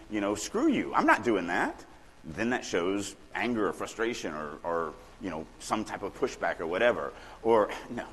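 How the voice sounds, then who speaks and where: Man lecturing in a reverberant hall. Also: deep voice. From Louisiana. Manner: casual, animated, acts out quoted lines. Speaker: writing workshop speaker. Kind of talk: conference talk on craft. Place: conference hall. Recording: long hall reverb, faint room noise.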